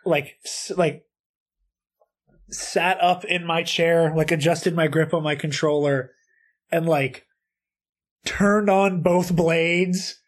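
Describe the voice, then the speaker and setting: Excitable man, slightly high voice. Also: slow, long pauses. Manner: excitable, storytelling with lots of fillers. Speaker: podcast co-host. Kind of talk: casual podcast chat about video games.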